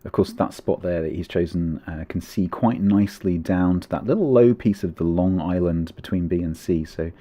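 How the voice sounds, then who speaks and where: A man co-commentating a live game, chatty and laughing often, rushing through asides. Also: sits low, dark tone, no room sound. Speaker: esports co-caster. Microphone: desk mic, drops in and out.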